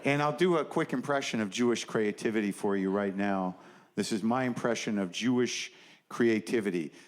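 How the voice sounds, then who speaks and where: A man's voice: fairly low pitch, normal speed. A man doing a stand-up set, rambling and self-doubting, bluntly honest in his asides. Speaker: stand-up comedian. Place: comedy stage with a laughing audience. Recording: live room noise.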